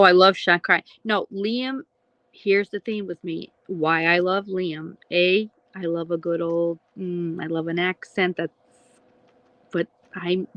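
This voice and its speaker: Lowish-voiced woman rambling on a live stream, laughs a lot, dull dry lo-fi sound. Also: dry recording. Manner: chatty, rambling, laughs often. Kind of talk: casual live chat with viewers.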